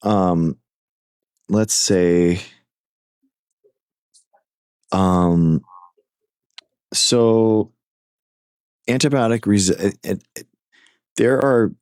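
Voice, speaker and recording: A man hosting a live stream, chatting casually with callers and explaining science in a hesitant, halting way. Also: lowish voice, a little mellow, clear, resonant tone, no echo, clean studio sound. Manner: hesitant, halting, many fillers and restarts. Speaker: livestream host.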